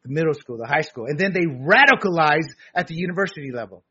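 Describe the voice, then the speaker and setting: A middle-aged man hosts a political talk show, lecturing in an opinionated way and leaning heavily on filler words. His voice is high and husky, expressive, pushed and bright, and he moves at a quick pace. The recording sounds dull and lo-fi.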